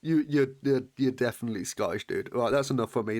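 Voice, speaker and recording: A man streaming a video game live, commenting in a playful, excitable way and swearing freely. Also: medium pitch, fast talker, no echo.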